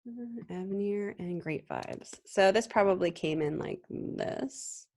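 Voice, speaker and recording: This is a design instructor, a woman leading a design class through a screen-recorded software tutorial. Her medium-pitched voice moves at a slow pace, and her casual, chatty delivery is full of ums and restarts.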